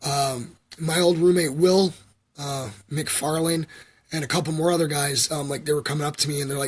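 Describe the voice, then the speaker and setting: A man from Canada talks to his livestream viewers in a loose, meandering way, full of ums and likes. His voice is a bit husky and sits slightly high for a man. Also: steady tone, normal speed. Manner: filler-heavy, meandering, frequent ums and likes. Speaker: livestream host. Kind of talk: rambling livestream storytelling.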